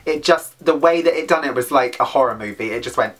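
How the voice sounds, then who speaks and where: A man's voice: mid-range voice, brisk. Man, vlog storyteller, chatty and dramatic, mid-range voice, jokey asides. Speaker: vlogger.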